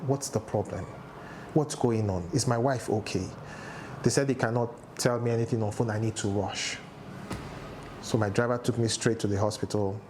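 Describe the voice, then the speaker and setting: A man of middle pitch tells a painful family story, speaking haltingly and restarting his sentences as emotion takes hold. His voice climbs when he is distressed. A faint hiss of background noise sits under the recording. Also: a little mellow. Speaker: interview guest. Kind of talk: emotional personal testimony.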